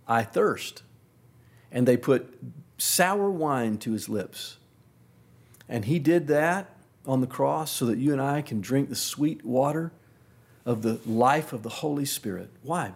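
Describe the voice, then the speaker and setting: A man delivers a sermon in a husky, breathy voice at an ordinary middle pitch. He stacks phrase on phrase for emphasis, then lets his voice sink low and soft on the key words. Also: lively intonation. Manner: slow, emphatic build through repeated phrases. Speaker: preacher.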